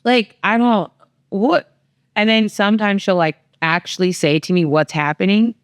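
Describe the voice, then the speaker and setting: A woman's voice: normal speed, smooth, no room sound, studio quality. A middle-aged woman, a mother, telling family stories in a candid podcast chat and acting out what was said. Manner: animated storyteller, acts out quotes with big pitch jumps.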